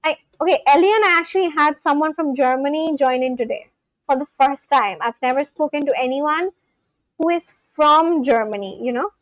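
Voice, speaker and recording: A young woman hosting a livestream, chatting casually with viewers, laughing often and correcting herself with quick apologies. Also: high voice, no echo. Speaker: livestream host. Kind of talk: casual chat reading live chat aloud.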